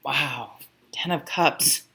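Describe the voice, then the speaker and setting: Low voiced woman doing a tarot reading, rambly, emotional, cusses a bit. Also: very slow, pushed and bright. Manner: chatty, rambling, emotional, with fillers and swearing. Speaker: tarot reader. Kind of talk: casual tarot reading monologue.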